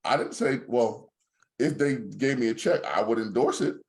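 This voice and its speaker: A man's voice: mid-range voice, moderate pace. A man co-hosting a podcast, in casual joking banter. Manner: joking, animated storyteller. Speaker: podcast co-host.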